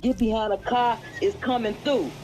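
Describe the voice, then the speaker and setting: A woman's voice: on the high side, fairly even intonation, moderate pace, mellow, slight background noise, rough recording. A woman hosting a live stream, giving casual commentary in a blunt, emphatic, profane way.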